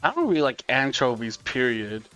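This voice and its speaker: A man's voice: mid-range voice, very animated, moderate pace, bright, forceful tone, faint music behind. A young man hosting a watch party stream, chatting casually and profanely, calling everyone dude. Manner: laid-back, profane, says dude a lot. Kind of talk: casual chat.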